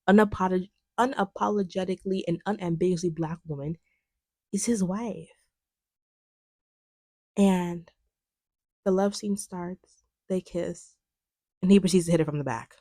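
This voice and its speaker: A young woman, chatting in a lively, casual way about a film, with lots of fillers. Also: on the low side, dry recording. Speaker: video essayist. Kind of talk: casual film commentary chat.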